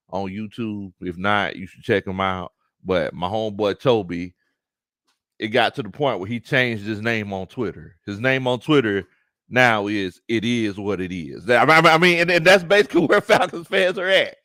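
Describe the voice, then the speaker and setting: A man hosting a live sports talk stream, animated, laughing often and greeting his chat. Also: fairly low pitch, dry recording, studio quality. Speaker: sports talk show host.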